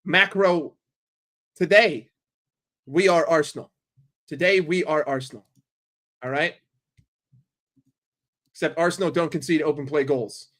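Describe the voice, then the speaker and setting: A man calls a football match live for his online chat, swearing freely and reacting with blunt excitement. His speaking voice sits a little high for a man. It has the loose, running rhythm of play-by-play commentary. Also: a little slow, pauses often. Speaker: streamer hosting a football watchalong.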